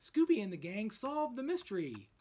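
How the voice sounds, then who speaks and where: A man's voice: high-pitched, huge pitch swings, normal speed, warm tone, pitched above the performer's own voice, exaggerated voice. A man voicing a cheerful, generous town mayor in a cartoon mystery.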